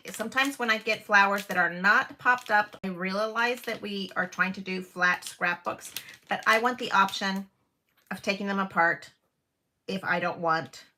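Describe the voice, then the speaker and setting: Bright-voiced gushing woman in her fifties. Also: mid-range voice, fairly even intonation, moderate pace. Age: 50s. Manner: gushing, exclaims often, many fillers. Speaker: crafting livestream host. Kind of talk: casual live craft chat. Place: home craft room.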